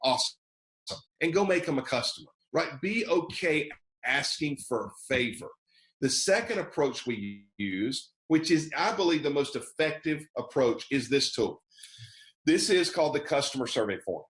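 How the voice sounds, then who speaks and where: A man's voice: on the high side, animated, moderate pace, reverberant, poor audio. An American man giving a motivational sales training over a video call, emphatic and repeating key phrases, acting out sample phone calls.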